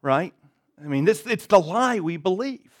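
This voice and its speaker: A man's voice: sits high, expressive, unhurried. A man preaching a sermon to a church congregation, conversational and self-deprecating, often checking in with "right?". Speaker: pastor. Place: church service before a congregation.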